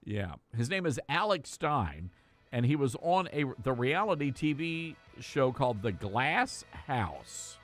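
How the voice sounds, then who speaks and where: A man's voice: mid-range voice, big pitch swings, a little slow, soft background music. A man hosting a radio talk show, chatting in a casual, amused way with laughing asides. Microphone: studio microphone.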